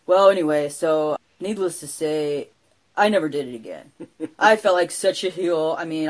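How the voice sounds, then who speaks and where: A woman co-hosting a podcast, telling a story casually in an animated, self-deprecating way with lots of fillers. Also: deep voice. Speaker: podcast co-host, storyteller in character.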